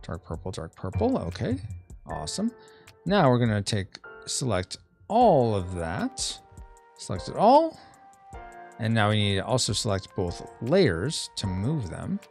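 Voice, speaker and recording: Lively man chatting through an art stream. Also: on the low side, measured pace, gravelly, faint music behind. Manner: thinks aloud, reads chat, playful sound effects. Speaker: streamer and podcast host. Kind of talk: casual live-stream chat while drawing.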